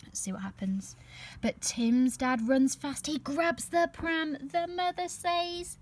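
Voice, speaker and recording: In a high voice, a female nursery teacher reads a picture book to young children with lively, expressive delivery. She stops now and then to ask the kids questions.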